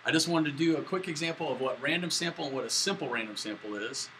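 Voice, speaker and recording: A man's voice: on the high side, quick pace, noisy background. A man lecturing a statistics class at a whiteboard, in a casual, chatty way with jokey asides. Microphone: camera in the room, moving away to the board.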